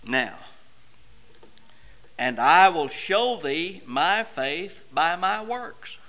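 A man preaching a sermon, moving between quiet verse explanation and loud, emphatic repetition. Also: on the high side, animated, drawn-out words.

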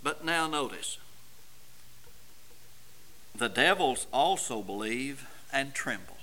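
A man preaching a sermon, moving between quiet verse explanation and loud, emphatic repetition. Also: medium pitch, lively intonation, takes it slowly, long pauses.

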